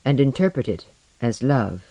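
A narrator voicing Tomiko, a steady woman coordinator, speaking quietly and firmly in an audiobook. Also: very deep voice, normal speed, no room sound, exaggerated voice. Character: calm, firm woman team coordinator.

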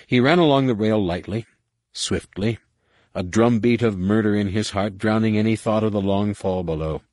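A man reading a dramatic novel aloud in a measured storytelling manner. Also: lowish voice, a little mellow, no room sound. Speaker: audiobook narrator. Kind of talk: scripted narration.

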